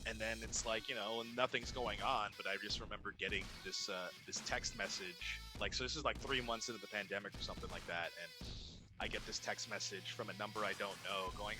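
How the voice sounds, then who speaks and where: A man's voice: lowish voice, brisk, music in the background. A young man, a ring announcer, telling a story casually in an interview and acting out the conversations he quotes. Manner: animated, acts out quoted exchanges.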